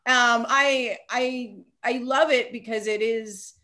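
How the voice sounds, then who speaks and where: A woman's voice: a little high, steady tone, slow pace, bright, forceful tone. A woman author talking casually as a podcast guest, chatty and self-deprecating, with frequent fillers and restarts.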